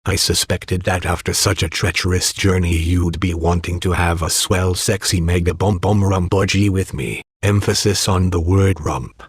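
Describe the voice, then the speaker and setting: A man voicing a grand, welcoming stag who speaks in a slow, stately way, for a crude comedy fan dub. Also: low voice, steady tone, breathy edge, dry recording, studio quality. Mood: grandly welcoming.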